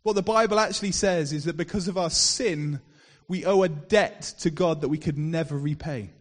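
A man with a fairly high voice preaches to his congregation, telling a parable with animated, swelling emphasis. His voice rings out with a long reverb, as if filling a large hall. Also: moderate pace. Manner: expressive storytelling, rising to loud emphasis in dramatic passages. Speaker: pastor. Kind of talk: sermon.

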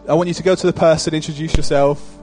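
A male pastor delivering a sermon in a rhythmic, repetitive cadence that builds to forceful declarations. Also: a little high, little pitch movement, fast talker, soft background music.

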